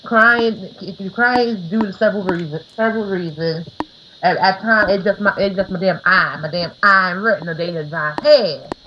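A woman's voice: mid-range voice, moderate pace, highs cut off, noisy background. A woman co-hosting a podcast in casual chat, blunt and given to cussing and laughing. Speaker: podcast co-host.

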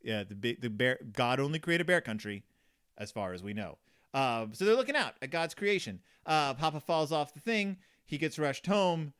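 A man's voice: on the high side, animated, moderate pace, fairly bright tone, clean tone. A man hosting a podcast, casually and jokingly reviewing a children's book with lots of asides and filler words. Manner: rambling, jokey, full of "like" and asides, puts on silly voices for characters. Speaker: podcast host.

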